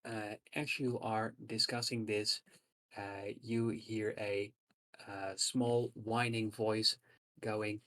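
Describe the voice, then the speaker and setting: A man narrating as game master of a tabletop game, pausing often with fillers. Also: lowish voice, flat delivery, fairly bright tone. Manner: halting, with many "uh" fillers.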